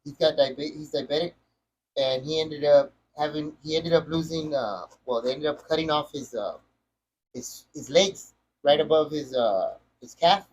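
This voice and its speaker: A man's voice: a little high, normal speed, breathy edge, rough recording. A middle-aged man hosting a podcast, telling a story in casual chat and rambling with many restarts. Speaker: podcast host.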